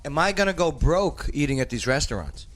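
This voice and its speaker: A male talk show host with an animated, lively voice that swings up and down. He jokes around with his guests and keeps the chat loose and casual, even talking through a mouthful. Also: a little high, fairly quick. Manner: lively, joking, talks with mouth full.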